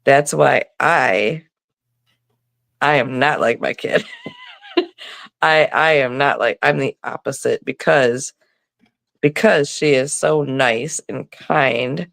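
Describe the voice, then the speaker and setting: A woman's voice: extremely low pitch, slow pace, creaky, pauses often, fairly bright tone, dry recording. A middle-aged woman telling stories in a casual live chat, acting out the voices she quotes, on a phone mic. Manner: chatty storytelling, acts out quoted voices. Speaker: co-host.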